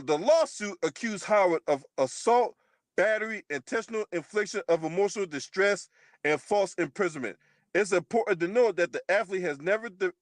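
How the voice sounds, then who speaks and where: A man's voice: high voice, no echo. A man hosting his own channel who reads out a news story and comments on it, mocking the people in it, swearing freely and often laughing.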